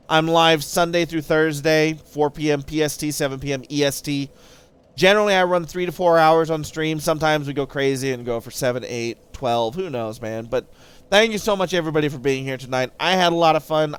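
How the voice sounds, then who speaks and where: A young male streamer with a slightly high voice talks in a relaxed, rambling way. He breaks off his stories to thank viewers and then picks them up again, all in easy live-stream chat over a desk microphone. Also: smooth. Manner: rambling storyteller who thanks viewers mid-story. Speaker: game streamer.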